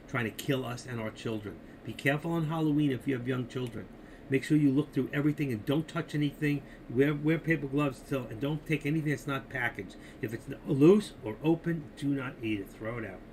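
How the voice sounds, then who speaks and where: A man's voice: medium pitch, fairly quick, a little mellow, a little hiss or hum. An older man hosting a casual live stream, talking markets and opinions in a rambling, opinionated way, speaking straight to his viewers.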